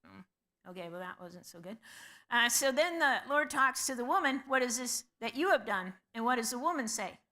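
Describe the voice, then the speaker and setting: Woman bible teacher, kinda high bright voice, chatty, lots of questions and ums. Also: animated, a little fast. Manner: conversational, asks the class questions, many ums. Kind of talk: Bible study lecture.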